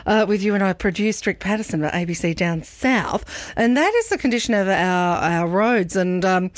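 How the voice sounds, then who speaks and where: A woman's voice: medium pitch, lively intonation, normal speed, no room sound, clean studio sound. Australian woman hosting a radio show. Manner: hesitant, friendly, with filler words. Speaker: radio host. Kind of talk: radio interview. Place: radio studio.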